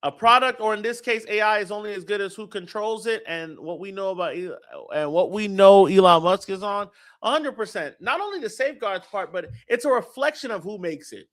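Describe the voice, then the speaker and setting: A man hosting a casual fan-show chat, animated and profane, reading viewer comments aloud. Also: sits high, a little fast. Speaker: podcast host.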